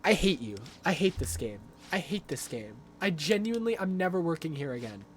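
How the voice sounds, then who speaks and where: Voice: mid-range voice, big pitch swings, fairly quick, a little hiss or hum. A livestreamer commenting on a game while playing, ranting in exasperated, swearing outbursts and repeating phrases over and over. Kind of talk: live gaming commentary.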